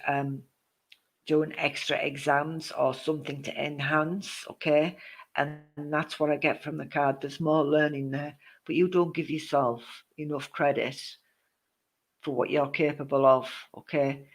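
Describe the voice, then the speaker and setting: Reassuring man giving a psychic reading. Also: fairly high pitch. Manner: reassuring, endearments, greets viewers mid-sentence. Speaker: psychic medium. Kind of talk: live-streamed psychic reading.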